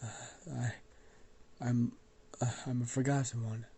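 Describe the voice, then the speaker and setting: A man's voice: mid-range voice, level tone, measured pace, dark tone, slightly rough. A man with a cold voicing a ten-year-old boy pleading desperately in a spoken story. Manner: pleading, broken up. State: has a cold.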